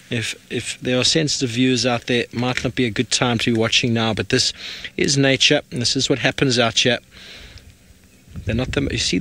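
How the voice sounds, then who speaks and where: A man guiding a live safari broadcast outdoors, talking viewers through a wildlife sighting in lively commentary. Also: mid-range voice. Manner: animated, speaking to viewers directly. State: out of breath. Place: outdoors in the bush, on a game drive.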